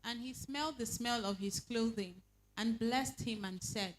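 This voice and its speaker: A woman reading Bible verses aloud at a prayer meeting, in a steady, measured way. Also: a little high, rough recording. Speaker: scripture reader.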